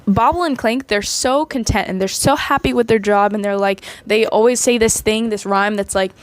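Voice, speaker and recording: A woman's voice: mid-range voice, moderate pace, dry recording. A young woman casually recapping a movie, chatty and rambling, with frequent restarts and playful asides.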